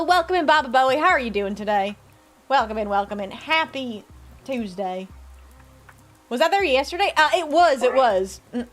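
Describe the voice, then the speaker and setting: During her live game stream, this woman's high voice bounces around as she banters playfully with her audience and reads out the game's dialogue between remarks. Soft music runs faintly in the background.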